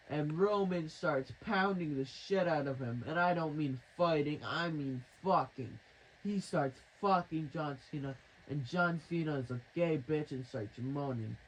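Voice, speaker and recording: Male storyteller, slightly high voice, slow crude rambling delivery. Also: poor audio. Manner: crude, rambling, mock-dramatic.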